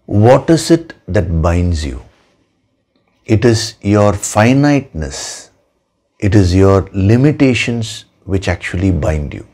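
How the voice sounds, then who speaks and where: Slow, deep-voiced man giving a spiritual talk. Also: big pitch swings, a little mellow. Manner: slow, measured, emphatic with repetitions. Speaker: spiritual teacher. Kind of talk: spiritual discourse.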